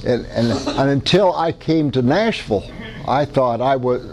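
A man's voice: medium pitch, lively intonation, a little slow, darkish tone. A man with a Midwestern American accent preaching a sermon in a conversational, folksy way, often restarting his sentences. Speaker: pastor.

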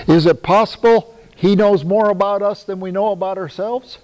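A man's voice: high-pitched, fairly even intonation, a little slow, long pauses, a little mellow, long reverb tail, rough recording. A man preaching a sermon in a conversational, emphatic way, often asking the listeners rhetorical questions.

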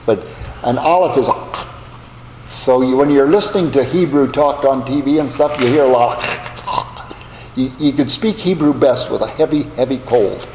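A man's voice: mid-range voice, normal speed, pauses often, a little mellow. An older man from the United States giving a Bible class lecture, telling stories in a folksy way with asides. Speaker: Bible teacher. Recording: echoey hall, faint background hum.

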